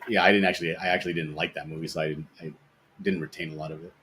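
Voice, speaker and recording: A man hosting a casual podcast chat, telling stories in a rambling, animated way. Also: deep voice, racing, slight background noise.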